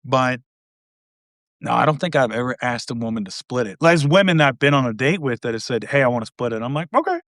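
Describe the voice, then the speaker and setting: Speaking briskly in a fairly bright, mid-range voice, a male podcast host chats casually and rambles, frequently starting over. The studio-quality recording has no echo.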